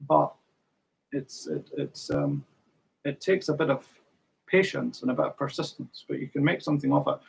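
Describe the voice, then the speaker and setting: A man's voice: medium pitch, sing-song, normal speed, vocal fry, pauses often, husky, low-quality recording. A man teaching fiddle in an online workshop, patiently counting in and singing rhythms.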